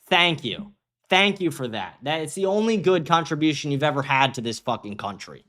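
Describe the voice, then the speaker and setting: A young man hosts his own livestream and reads viewer comments out loud. His voice sits a little high for a man. He answers the chat in a heated, profane rant. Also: expressive, normal speed. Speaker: host.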